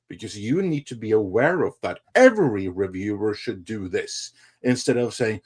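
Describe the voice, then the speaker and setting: A man's voice: fairly low pitch, very animated, normal speed, hardly any pauses, a little mellow, husky. A man with a European accent, a movie reviewer chatting casually on a livestream, laid-back and explanatory.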